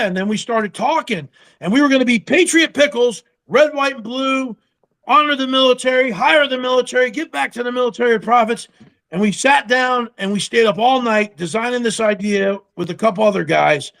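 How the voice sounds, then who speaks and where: A man's voice: very high voice, gravelly. A man being interviewed, telling casual stories about starting a business and acting out the dialogue in them, with some salty language. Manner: animated storyteller who acts out quoted dialogue, salty language. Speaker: guest, pickle company co-founder.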